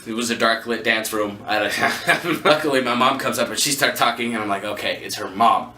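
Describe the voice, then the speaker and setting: A man vlogging a rambling storytime to camera, joking at his own expense with quick asides. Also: fairly low pitch, sharp tone. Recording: echoey room.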